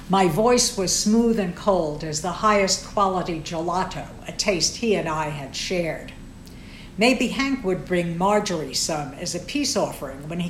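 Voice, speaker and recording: A woman reads a first-person novel aloud with wry, sardonic bite. Her voice sits fairly low and echoes through a roomy space, with faint ambience hanging behind it. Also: animated, a little slow, a little hiss or hum. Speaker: audiobook narrator. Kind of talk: first-person fiction narration. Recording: roomy echo.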